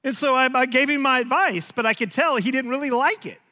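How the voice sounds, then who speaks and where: A man's voice: very high-pitched, brisk, pushed and bright. A man in his forties preaching a sermon as a pastor, telling stories about himself in a conversational, self-deprecating way. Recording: long hall reverb.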